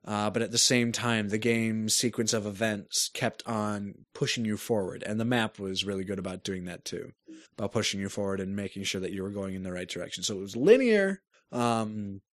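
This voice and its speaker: A man in casual chat, describing a game at length and searching for words. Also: fairly low pitch. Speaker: podcast co-host reviewing a game.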